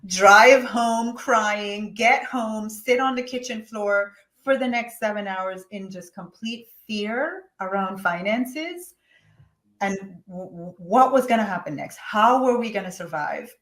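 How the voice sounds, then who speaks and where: A woman's voice: medium pitch, slow, fairly bright tone. A woman guest, a business coach, telling her personal story in an interview in a candid, emphatic way, with dramatic swings. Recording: echoey room.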